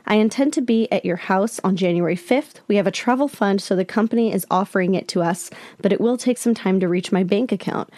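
A woman reading aloud the messages of a rude, abusive male scam guest, slowly and a bit higher than her usual voice. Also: darkish tone, no echo, close to an everyday voice. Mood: polite. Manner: slow, slightly raised reading of quoted messages.

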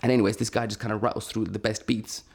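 A man telling a story in casual conversation, animated and rambling with lots of fillers. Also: on the low side, fast, vocal fry, breathy edge. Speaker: podcast guest.

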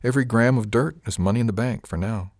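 A man voicing an older ship captain with a dry, measured and wry manner, in an audiobook. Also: mid-range voice, darkish tone, dry recording, voice pushed up, lightly acted.

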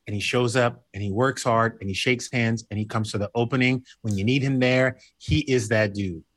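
A man chatting casually with sassy, animated energy, spinning gossip stories. His everyday voice sits in a middle pitch. The sound is dry and close to the mic. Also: moderate pace, dry recording. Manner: animated storyteller, high mocking impressions of friends. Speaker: podcast co-host. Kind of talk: casual chat.

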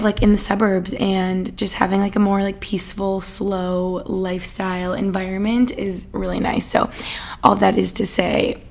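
A woman's voice: medium pitch, vocal fry. A young woman in her twenties from the Boston area, hosting a casual solo podcast, chatty and giggly, with lots of fillers. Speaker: podcast host.

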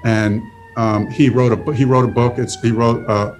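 A man's voice: medium pitch, fairly even intonation. A middle-aged man, a football coach guest, speaking earnestly with many restarts in a casual interview. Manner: earnest, halting, full of restarts.

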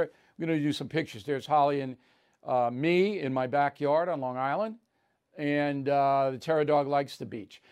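Chatty animated older male host. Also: on the high side, clean tone. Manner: animated, chatty with asides and chuckles. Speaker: show host. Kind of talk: casual monologue.

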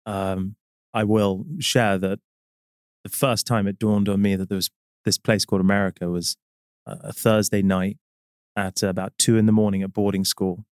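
British man, low voice, reflective storyteller. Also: little pitch movement, a little mellow, dry recording, studio quality. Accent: British English. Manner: measured, reflective storytelling with many fillers. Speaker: guest, business executive. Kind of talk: casual interview chat.

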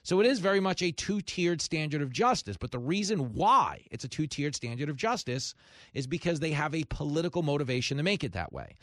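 A man's voice: a little high, sing-song, a little fast, fairly bright tone, no room sound, studio quality. A man hosting a radio talk show, delivering a heated, sarcastic opinion monologue. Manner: heated, sarcastic, mocking voices of opponents.

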